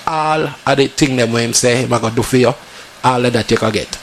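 A man with a Jamaican accent, hosting on radio and reading sponsor ads in animated, repetitive sales patter. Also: medium pitch, brisk, slight background noise. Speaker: radio host. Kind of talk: ad reads in patois.

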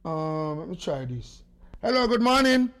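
Jamaican guy hosting a live stream, high voice, hyped and rushing, keeps going hello hello. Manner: excitable, rapid, calls hello over and over. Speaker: radio host on a live stream. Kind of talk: casual live-stream chat.

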